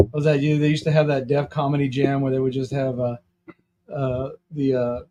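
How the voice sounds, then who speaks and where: A man hosting a podcast in casual chat, halting often and filling gaps with "uh". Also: mid-range voice, steady tone, mellow, dull audio, a little hiss or hum. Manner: halting, many fillers. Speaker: podcast host.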